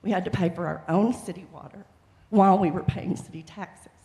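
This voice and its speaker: A woman's voice: on the low side, fairly even intonation, a little fast, warm tone. A middle-aged woman making an impassioned, pleading public comment at a city council meeting. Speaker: resident speaking at public comment. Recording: reverberant council chamber.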